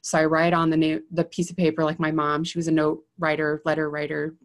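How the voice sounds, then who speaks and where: Brief: chatty woman storyteller, low and gravelly, peppers everything with "like". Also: fairly quick. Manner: chatty, animated, heavy use of "like". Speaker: psychologist. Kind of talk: casual storytelling.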